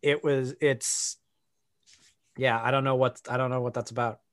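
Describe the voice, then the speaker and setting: A man co-hosting a casual football podcast, lively and quick to jump in. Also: mid-range voice. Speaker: podcast co-host. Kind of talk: casual chat about football.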